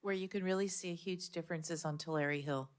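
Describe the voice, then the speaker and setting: A woman's voice: on the low side, fast talker. A woman serving on a committee, precise about details and enthusiastic in praise. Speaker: committee member. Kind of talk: meeting discussion.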